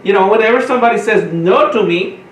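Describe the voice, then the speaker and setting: A man teaching real estate sales, talking fast and repeating himself, often checking in with "right?". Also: sits high, reverberant, recorded from a distance, slight background noise, poor audio. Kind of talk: training talk.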